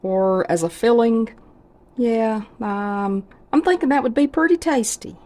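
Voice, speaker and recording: A middle-aged home cook vlogger chats in a folksy, casual way while cooking and tasting food for her vlog. Her voice is fairly high, unhurried, and dark in tone.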